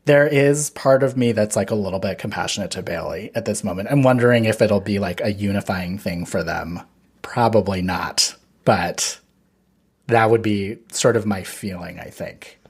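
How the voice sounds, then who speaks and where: A man guest on a podcast, reacting to a story with wry, expressive commentary. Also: on the low side, normal speed, slightly rough. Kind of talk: casual chat.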